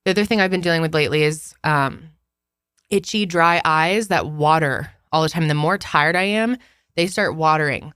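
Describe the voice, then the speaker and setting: A woman's voice: sits low, normal speed, fairly bright tone, smooth, dry recording, studio quality. A young pregnant woman co-hosting a podcast, chatting candidly and tiredly, laughing often and swearing freely. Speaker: podcast co-host. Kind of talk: casual chat.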